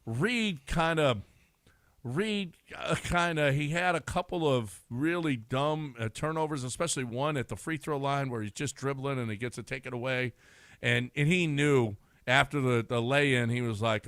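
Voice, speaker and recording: A man's voice: medium pitch, moderate pace, fairly bright tone, no room sound, studio quality. Easygoing male sports radio co-host. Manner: conversational, chuckling, breaks off and restarts. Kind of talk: casual sports talk. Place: radio studio.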